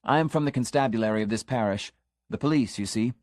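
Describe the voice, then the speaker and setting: A man's voice: medium pitch, fast talker, a little mellow, no room sound, studio quality, close to an everyday voice. A man reading the part of an earnest, scandalized middle-aged country constable who delivers an urgent, conspiratorial warning. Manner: urgent, conspiratorial warning, drops to a stage whisper. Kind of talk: audiobook character reading.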